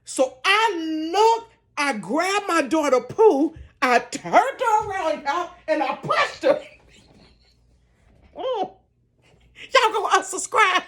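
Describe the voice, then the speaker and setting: An older woman telling a dramatic story from her bedroom, talking straight to her viewers in a casual, expressive way. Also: extremely high pitch, slow, few pauses.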